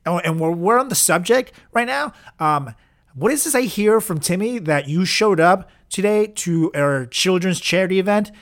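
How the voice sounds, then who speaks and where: A man's voice: high-pitched, expressive, normal speed, fairly bright tone. A man hosting a podcast, scolding his guest in an exasperated, outraged comedy bit. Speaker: podcast host.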